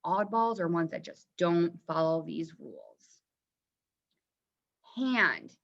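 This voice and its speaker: A woman teacher slowly sounding out vowels in a phonics lesson. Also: on the low side, creaky, dull audio. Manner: slow, drawn-out sounding out of vowels.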